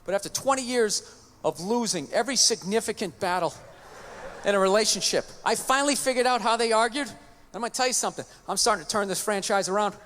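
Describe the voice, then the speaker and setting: A man's voice: high-pitched, fast talker, fairly bright tone, big-room sound. A man doing a stand-up routine, ranting with lots of swearing and switching into mocking voices. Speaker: stand-up comedian. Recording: noisy recording of a live stand-up set.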